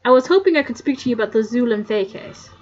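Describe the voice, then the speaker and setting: A woman reading the lines of a polite young male magistrate in an even, formal manner, on a muffled lo-fi mic. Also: fairly high pitch, fast. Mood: earnest.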